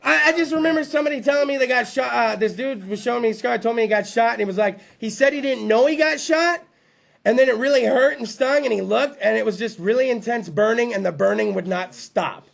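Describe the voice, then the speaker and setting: A man's voice: very high-pitched, fast, vocal fry. A man hosting a talk show, telling crude jokes in a rowdy monologue and acting out other voices. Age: adult. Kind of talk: profane comedic monologue.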